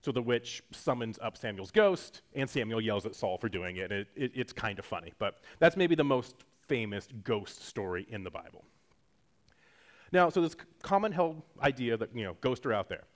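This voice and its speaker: A man's voice: medium pitch, sing-song, normal speed. A man preaching a sermon in a casual, jokey teaching style, acting out quotes as he goes. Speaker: pastor.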